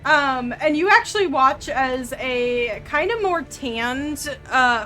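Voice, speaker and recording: A woman narrating a tabletop game as game master, with many pauses and fillers. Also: sits high, lively intonation, pushed and bright, faint music behind. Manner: hesitant, filler-heavy narration.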